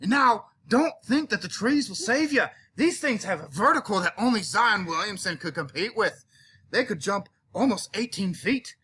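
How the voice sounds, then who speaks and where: A man's voice: high-pitched, animated, normal speed, bright, forceful tone, slight background noise. A male teacher with a cold, hamming it up as a safari guide in a playful mock nature documentary and tossing out Aussie slang. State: has a cold.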